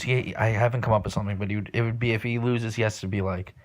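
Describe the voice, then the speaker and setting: A man hosting a solo podcast, giving casual spoken predictions with lots of ums and restarts, excitable and swearing, recorded without his usual microphone. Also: on the low side, fast, highs cut off. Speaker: podcast host. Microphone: not his usual microphone.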